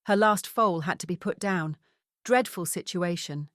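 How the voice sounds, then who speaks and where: A woman voicing a stern, posh lady in her late sixties, who talks in a crisp, clipped way and barks orders, in an audiobook. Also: lowish voice, measured pace, fairly bright tone, dry recording, clean studio sound. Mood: brusque. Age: 60s.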